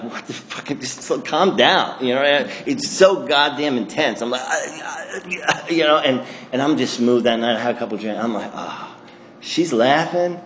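A man's voice: medium pitch, echoey room, slight background noise. Self-mocking man telling a story. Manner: self-mocking, animated, acts out his own thoughts. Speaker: speaker telling his recovery story. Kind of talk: comic storytelling talk to an audience.

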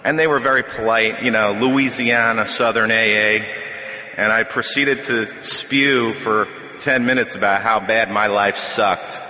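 A middle-aged man sharing his recovery story at a meeting podium, wry and self-deprecating, with halting restarts. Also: on the low side, steady tone, sharp tone. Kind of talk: personal testimony at a podium. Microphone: podium microphone. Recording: echoey hall reverb.

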